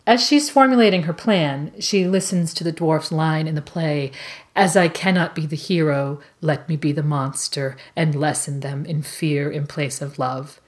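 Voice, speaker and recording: Brief: low-pitched woman reading measured literary commentary. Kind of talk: reading prepared literary analysis.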